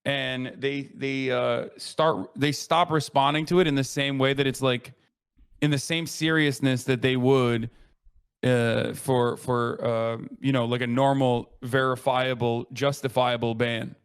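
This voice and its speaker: A man on a stream call, calmly explaining at length with plenty of fillers in casual chat. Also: medium pitch, measured pace, smooth.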